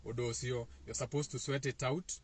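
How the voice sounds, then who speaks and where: Kenyan male host, mid-pitched voice, loose rambling wellness talk, repeats himself often. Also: steady tone, fairly quick, a little hiss or hum. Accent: Kenyan, Kikuyu-speaking. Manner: loose, repetitive, meandering speaking with fillers. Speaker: host of a self-help talk. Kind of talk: casual spiritual talk to viewers.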